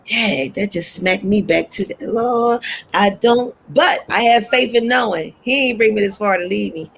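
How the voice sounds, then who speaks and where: A woman hosting a talk show, preaching in an animated way and swooping up high when she exhorts. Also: moderate pace, vocal fry, breathy edge.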